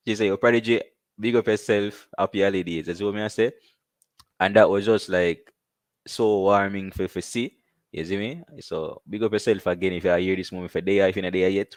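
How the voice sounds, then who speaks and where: A Jamaican man hosting a casual live stream, chatting loosely and giving shout-outs to viewers. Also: sits low, no echo.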